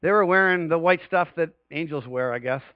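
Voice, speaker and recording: Animated preaching man, dry dull sound. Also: brisk, no room sound. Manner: animated preaching, swells louder and higher for emphasis. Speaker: pastor. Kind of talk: sermon.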